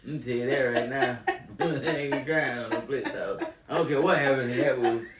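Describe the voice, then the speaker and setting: A man co-hosting a casual podcast chat who tells stories in a loud, animated way and laughs often. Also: medium pitch, a little fast. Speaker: podcast co-host. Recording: roomy, distant mic, faint noise.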